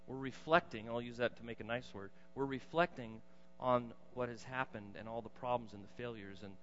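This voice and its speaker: A man preaching a sermon, swinging between loud emphatic bursts and quiet low asides. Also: a little fast. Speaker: pastor. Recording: dull lo-fi sound in a reverberant hall.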